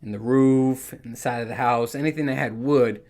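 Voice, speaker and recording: A man's voice: mid-range voice, steady tone, fairly quick, darkish tone. A man from New Jersey telling rambling, profane stories in a casual vlog, full of fillers like "you know" and "right?". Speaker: vlogger.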